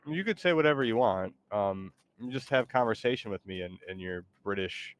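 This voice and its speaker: A man's voice: lowish voice, animated, moderate pace, clean tone. A man streaming a video game and chatting casually, playful and rambling, with lots of fillers. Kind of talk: casual gaming chat.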